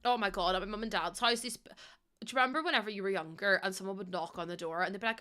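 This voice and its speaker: A woman's voice: a little high, fast, pushed and bright, smooth. A young woman, chatting casually and laughing with her stream chat, self-mocking and breaking into song. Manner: chatty, giggly, self-mocking, sings snatches of songs.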